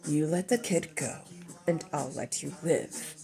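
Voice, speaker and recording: A woman voicing a calm, cruel male demon, speaking softly and with quiet menace in a read-aloud story. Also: low-pitched, a little slow, creaky, over music. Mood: threatening.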